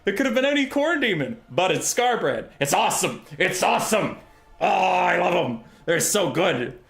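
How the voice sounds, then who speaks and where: A young male streamer chatting casually over a game in a fairly high voice. His pitch swings all over as he gushes, with plenty of swearing mixed in. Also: moderate pace, vocal fry. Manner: animated, swearing, gushing.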